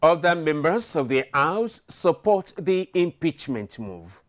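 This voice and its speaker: A man with a Nigerian accent reads the hourly news from a studio. His voice sits high for a man, and his delivery is measured and formal. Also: very animated. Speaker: news anchor. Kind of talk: scripted news reading.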